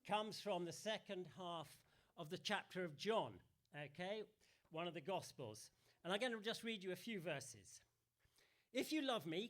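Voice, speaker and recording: Lively, chatty man preaching. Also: sits high. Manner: playful, chatty, asks the congregation questions. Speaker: preacher giving an all-age talk. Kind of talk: sermon. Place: church.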